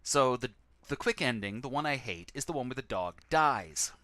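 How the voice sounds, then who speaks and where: A man's voice: medium pitch, lively intonation, moderate pace, pushed and bright, no room sound. A man casually commenting on a text adventure game he plays on stream, with sarcastic, wry asides.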